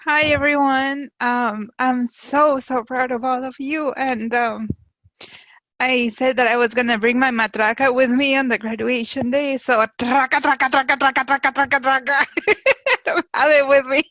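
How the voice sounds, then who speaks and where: High-voiced woman on dull, dry audio. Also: fairly even intonation, unhurried, a bit bright, no echo. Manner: cheerful, giggly, encouraging. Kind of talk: encouraging speech.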